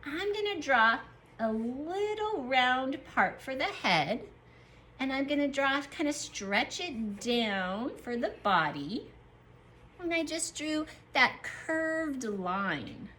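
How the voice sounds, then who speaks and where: A woman teacher leading a young class through a writing lesson, sounding out letters slowly and praising the children as they work. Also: sits high, a bit bright, slight background noise. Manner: slow, drawn-out letter sounds. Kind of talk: early-grade writing lesson.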